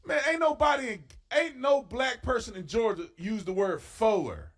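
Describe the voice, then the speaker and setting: A man's voice: extremely high pitch, big pitch swings, moderate pace, fairly bright tone. A man giving mocking, slangy reaction commentary.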